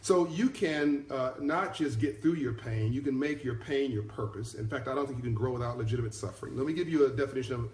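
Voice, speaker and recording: A middle-aged man talks to his live viewers in a motivational, preachy way, circling back to repeat his key points. He rambles and restarts his sentences. The room has a roomy echo, and his pitch sits in the middle for a man. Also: fast talker, few pauses, a little mellow. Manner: rambling, many fillers and restarts. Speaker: motivational speaker hosting a live stream. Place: in South Africa, on a live broadcast. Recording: echoey room.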